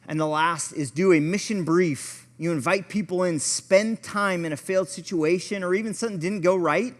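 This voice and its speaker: Man, fairly high voice, pastor teaching a class; chatty storyteller, mocks himself, echoey hall. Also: normal speed. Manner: conversational, storytelling, self-deprecating. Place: church hall.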